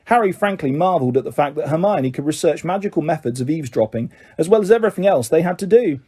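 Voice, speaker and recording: A male audiobook narrator reading a novel in steady, measured storytelling. His voice sits a bit high for a man yet sounds mellow and warm. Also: husky. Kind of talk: scripted narration.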